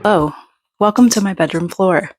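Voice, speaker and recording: Over music, a book vlogger in her thirties speaks at a normal speed in a mid-range voice, casually rambling and self-deprecating from her bedroom floor, somewhat out of breath.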